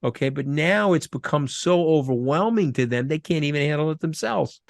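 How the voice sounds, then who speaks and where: A middle-aged man from Long Island, talking as an interview guest in an animated, emphatic, rapid-fire way. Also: fairly high pitch, vocal fry, dry recording, clean studio sound. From Long Island, New York. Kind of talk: conversational interview.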